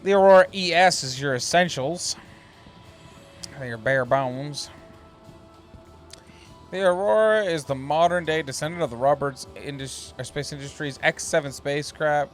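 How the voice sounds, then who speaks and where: With faint music in the background, a somewhat high-voiced man plays a space game on stream. He reads ship descriptions out loud and chats casually, sounding relaxed and a little halting.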